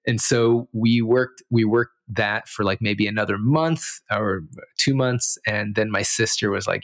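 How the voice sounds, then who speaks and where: A man's voice: on the low side, steady tone, measured pace, gravelly, fairly bright tone, no room sound. A man, a podcast guest, telling a story in a rambling, self-correcting way, full of fillers. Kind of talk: casual storytelling.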